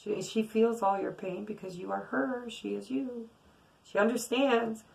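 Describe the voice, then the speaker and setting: A woman's voice: fairly high pitch, steady tone, unhurried, creaky, a little mellow, rough recording. A middle-aged woman giving a casual, earnest tarot reading to her viewers, often repeating words for emphasis. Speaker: tarot reader.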